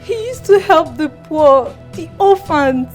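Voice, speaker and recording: An actress playing a grieving young woman, lamenting her dead boss in a slow, sorrowful way. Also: high voice, over music. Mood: mournful. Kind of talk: film acting.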